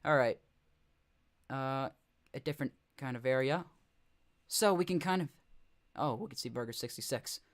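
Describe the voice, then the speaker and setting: A young man talking through game footage on a live stream, chatting loosely with his viewers. He rambles, restarts his sentences and corrects himself, and his pitch sits in an ordinary middle range for a man. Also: moderate pace, pauses often. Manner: rambling, self-correcting, chuckling asides. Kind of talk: casual live-stream commentary.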